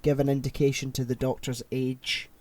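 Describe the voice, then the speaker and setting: A man's voice: mid-range voice, little pitch movement, moderate pace, a little mellow. A man co-hosting a podcast in casual chat, laughing along and dropping dry asides. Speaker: podcast co-host.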